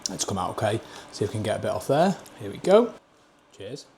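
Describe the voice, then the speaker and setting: Sitting at a table with a camera mic, a Northern English man tastes dishes for a casual food vlog, giving each one a blunt, plain-spoken score out of ten. He speaks a little fast in a lowish, sing-song, darkish voice, with a faint hiss or hum in the audio.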